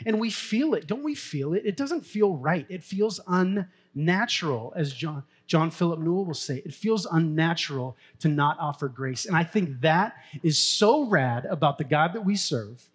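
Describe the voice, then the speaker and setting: A man's voice: on the high side, breathy edge. A middle-aged man, a pastor, preaching a sermon in a casual, story-telling way and laughing now and then. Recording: long hall reverb.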